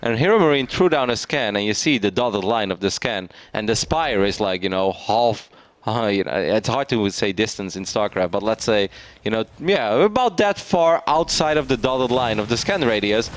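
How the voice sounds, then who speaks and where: A man casting a live esports match, chatty and quick to laugh, telling anecdotes to his co-caster. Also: lowish voice, expressive.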